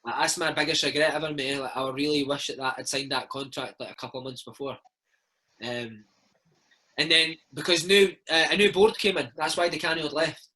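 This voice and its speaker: Chatty Scottish man, bright and husky. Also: a little high, fairly even intonation, fairly quick, low-quality recording. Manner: chatty storyteller, peppers speech with "mate" and "man". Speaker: former footballer, interview guest. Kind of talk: casual interview chat.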